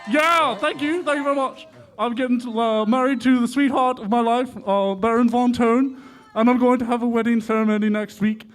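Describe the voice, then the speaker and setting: A man performing a flamboyant stage character who is excited to announce his wedding to a theater audience. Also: very high voice, a little fast. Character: flamboyant male stage persona about to marry. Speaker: talent show contestant. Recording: live stage mic with music behind.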